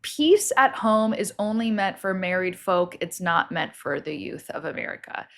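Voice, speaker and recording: A woman's voice: mid-range voice, animated, moderate pace, fairly bright tone. A woman with a New Jersey accent co-hosting a podcast, reading listener questions and joking with frequent laughter. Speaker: podcast co-host.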